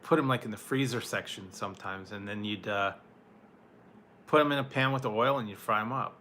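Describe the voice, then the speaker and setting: A man's voice: fairly low pitch, a little fast, bright, forceful tone, a little hiss or hum. A man reviewing food, chatting with his live-stream viewers in a loose, rambling way, with lots of fillers and small laughs. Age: adult, once married. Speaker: food reviewer answering chat. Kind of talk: casual live-stream chat.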